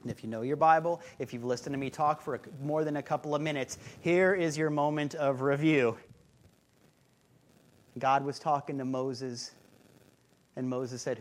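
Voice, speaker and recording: A man's voice: medium pitch, fairly even intonation, moderate pace, pauses often. A man preaching a sermon as a pastor, telling stories with humor and driving points home through repetition. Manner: conversational, humorous storytelling with rhythmic repetition.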